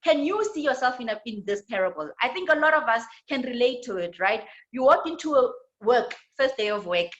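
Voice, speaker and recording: A woman's voice: on the high side, lively intonation, fairly quick, hardly any pauses, dull audio. A woman with a South African accent teaching a church women's leadership class, often repeating words and asking "right?". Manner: tag questions, repetitions. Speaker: women's ministry trainer.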